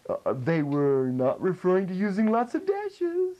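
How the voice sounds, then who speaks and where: A man's voice: on the high side, wildly swooping pitch, unhurried, few pauses, mellow, dull audio, slight background noise. A man hosting his own show, giving a playful grammar lesson to the camera in a folksy way, with silly coined words and chuckles at his own jokes. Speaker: show host teaching writing.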